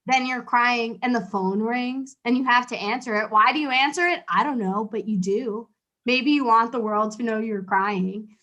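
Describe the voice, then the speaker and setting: A woman's voice: a little high, moderate pace, lo-fi sound. A young woman hosting a casual chat, animatedly retelling a comedy routine and acting out its voices. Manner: animated, acts out comedy bits with theatrical voices. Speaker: podcast host.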